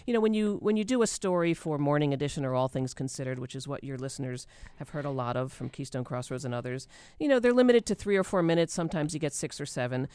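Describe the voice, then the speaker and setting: A podcast co-host giving animated, explanatory answers in a radio interview. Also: mid-range voice, fast talker, hardly any pauses, clear, resonant tone, no room sound.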